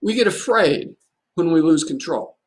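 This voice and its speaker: A man's voice: on the high side, expressive, normal speed, husky. Man preaching with rhetorical questions. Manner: conversational and folksy. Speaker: pastor. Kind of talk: livestreamed sermon.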